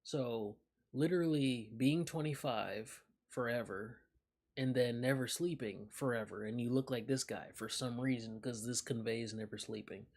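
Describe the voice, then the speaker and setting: A man's voice: mid-range voice, moderate pace, darkish tone. A young man streaming live, chatting loosely with his viewers, swearing and laughing as he reacts. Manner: loose, profane, reacting aloud with frequent laughs. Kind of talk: casual live-stream chat.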